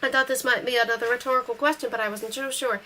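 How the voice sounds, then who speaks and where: A woman reads a novel aloud in steady first-person narration. She reads quickly in a fairly high voice. Faint noise sits behind her. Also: rough recording. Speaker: audiobook reader.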